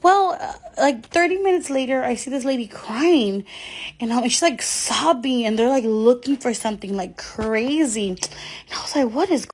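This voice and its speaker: A woman's voice: on the high side, normal speed. A mother telling a storytime in a rambling, casual way, with many fillers.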